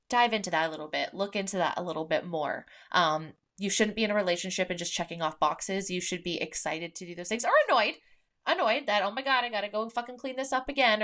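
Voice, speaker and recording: A woman's voice: fairly low pitch, fairly bright tone. A woman in her thirties hosting a podcast in casual chat. She talks candidly and swears freely, with many fillers. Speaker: podcast host.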